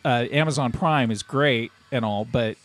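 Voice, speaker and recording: A man's voice: medium pitch, normal speed, a bit bright. A male podcast host who rambles through casual stories and mocks himself along the way. His talk is loose, chatty and full of restarts. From Utah. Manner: rambling, self-deprecating storyteller. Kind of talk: casual banter.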